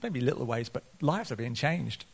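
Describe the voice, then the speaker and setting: A man preaching a sermon, earnest, laughing often, and rising to excited peaks. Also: medium pitch, normal speed, vocal fry, slightly rough. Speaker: pastor.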